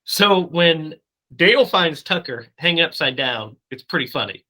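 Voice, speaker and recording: A man co-hosting a casual movie podcast, recapping scenes in an animated, loose way with some swearing. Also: fairly high pitch, normal speed, low-quality recording. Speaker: podcast co-host. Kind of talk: casual movie-review chat.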